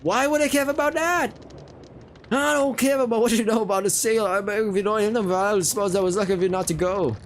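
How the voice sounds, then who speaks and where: Man doing a gruff, impatient deckhand. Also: on the high side, lively intonation, moderate pace, slight background noise, natural voice. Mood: brusque. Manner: brusque, barking orders, slangy. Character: gruff, impatient male sailor, experienced deckhand.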